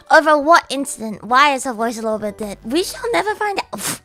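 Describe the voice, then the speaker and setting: A woman streamer talks casually to her viewers in a hoarse, strained voice. She sits high in her range and swoops all over it, giggly and swearing freely, with faint music playing softly behind her. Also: a little slow, pauses often. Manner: animated, giggly and foul-mouthed.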